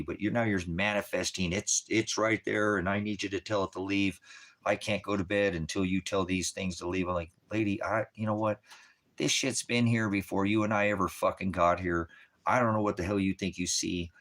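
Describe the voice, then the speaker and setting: A man's voice: low voice, steady tone, a little fast, a bit bright. A man who leads a ministry, talking to viewers in a casual livestream, rambling, profane and emphatic. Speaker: ministry leader.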